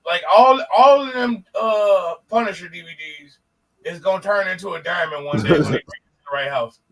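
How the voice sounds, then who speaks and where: A man co-hosting a podcast, telling a profane, animated story in casual chat and acting out the people in it. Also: high voice, moderate pace, vocal fry, far from the mic, rough recording. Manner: animated, profane, acts out quoted voices. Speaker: podcast co-host.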